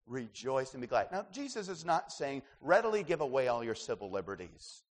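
A man preaching a sermon as pastor, swinging between loud emphasis and hushed asides. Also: medium pitch, big pitch swings, a little fast, in a large hall.

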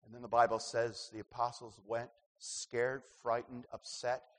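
A man preaching a sermon as pastor, swinging between loud emphasis and hushed asides. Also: mid-range voice, level tone, measured pace, big-room sound.

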